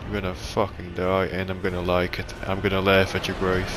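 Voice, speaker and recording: A man giving profane gameplay commentary, taunting enemies and shouting in frustration. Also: deep voice, completely flat delivery, brisk, background noise. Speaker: gaming YouTuber.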